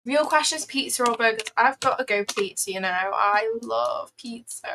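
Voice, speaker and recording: A young woman, her voice sitting a touch high for a woman. She talks in loose, playful, rambling bursts as she answers her livestream chat. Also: a little fast, pushed and bright, slight background noise, rough recording. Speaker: trading livestreamer.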